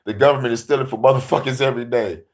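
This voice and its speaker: A man's voice: medium pitch, steady tone, rapid-fire. A man hosting a casual comedic rant, swearing freely, laughing often and hammering his points. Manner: profane, laughing, emphatic. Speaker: host.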